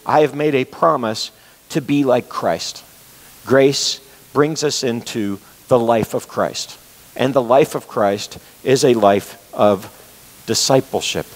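Earnest preacher in a ringing hall. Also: male voice, mid-range voice. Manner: earnest storytelling, repeats for emphasis. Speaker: pastor. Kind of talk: sermon. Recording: long reverb of a large hall.

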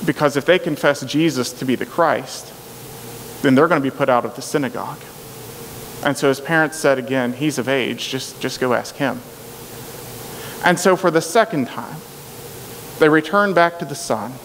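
Male preacher, fairly high voice, lively scripture retelling, long reverb, faint hiss. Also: normal speed. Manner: retells scripture with acted quotes, repeats words. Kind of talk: sermon.

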